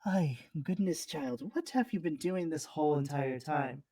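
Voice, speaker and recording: A woman voicing an elegant male magician in his forties who scolds his son in a slow, measured way. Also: low voice, warm tone, no room sound, studio quality, recorded from a distance. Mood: stern.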